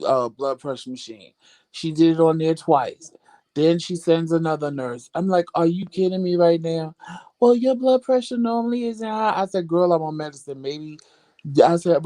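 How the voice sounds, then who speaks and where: Sassy guy vlogging at home, mellow dark voice, dry close sound, pops up high for quotes. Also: dry recording. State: recovering at home after hospital stay. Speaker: vlog host. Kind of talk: casual storytelling chat.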